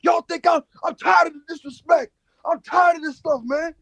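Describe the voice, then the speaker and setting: A man imitating a furious male wrestler who rants and shouts about disrespect. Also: very high-pitched, steady tone, normal speed, vocal fry, dry recording, pitched above the performer's own voice, heavily acted. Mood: angry ranting. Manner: shouting, aggrieved, defiant.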